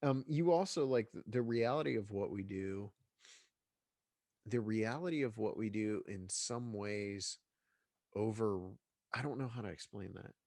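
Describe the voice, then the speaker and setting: A man's voice: fairly low pitch, unhurried, darkish tone, dry recording, studio quality. A man talking as a guest in a casual interview, congested, rambling along with many restarts and fillers. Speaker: guest filmmaker.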